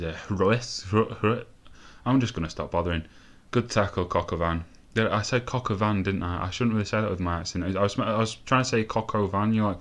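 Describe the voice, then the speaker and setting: Young male gamer host, lowish voice, loose, excitable and profane play-by-play at his desk mic. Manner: sweary, excitable, rambling asides. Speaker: gaming let's-play host. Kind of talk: casual live game commentary.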